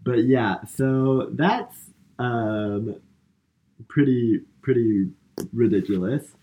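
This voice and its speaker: A man's voice: mid-range voice, very slow, narrow, tinny audio. A man co-hosting a podcast, casually retelling a movie plot with lots of fillers. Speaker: podcast co-host. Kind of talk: casual movie recap chat.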